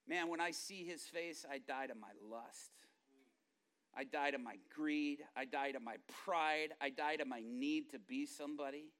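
A middle-aged man preaching a sermon, telling family stories and moving between hushed asides and loud, impassioned outbursts. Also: a little high, a little slow. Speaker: pastor.

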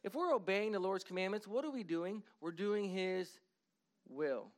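A pastor with a high-set voice delivers a church sermon. He slows right down to read scripture in a raised, emphatic voice, then shifts into quick, low-key asides to the congregation. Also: expressive.

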